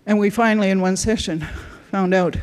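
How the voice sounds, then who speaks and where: A woman's voice: mid-range voice, fairly even intonation, fairly quick, a little mellow. Earnest woman telling client stories. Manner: earnest storytelling in short phrases. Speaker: conference speaker.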